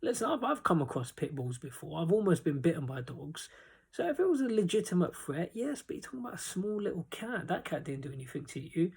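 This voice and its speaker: Rambling indignant man, husky voice. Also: sits high, big pitch swings, brisk. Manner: rambling, indignant, repeats himself. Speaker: commentary channel host. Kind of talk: casual opinion vlog.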